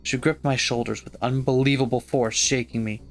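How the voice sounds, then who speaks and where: A man hosting a let's play, reading visual novel narration aloud in a steady first-person voice. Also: medium pitch, normal speed, soft background music.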